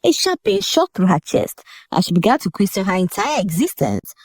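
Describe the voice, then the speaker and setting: A woman narrating a dramatic folk tale in a vivid, expressive storytelling manner. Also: medium pitch, fairly quick, breathy edge, no echo, studio quality.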